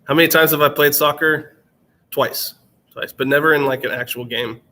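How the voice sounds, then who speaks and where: A man's voice: a little high, steady tone, normal speed, bright, forceful tone. A man in his twenties with a general American accent, chatting casually on a live stream and answering questions, his voice worn out, rambling with many fillers and restarts. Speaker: channel host answering chat.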